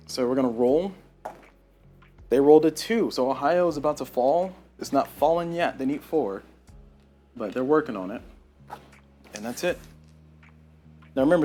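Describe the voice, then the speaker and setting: His voice a little high, a man plays a single-player board game live on stream and explains each move as he goes. Unlucky dice rolls draw loud exasperation from him.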